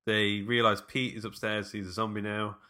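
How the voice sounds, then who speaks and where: Guy, low voice but bright and clear, chatty film recap, laughs a lot. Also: moderate pace. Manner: relaxed, laughs often, retells scenes with quoted lines. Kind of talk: casual film discussion.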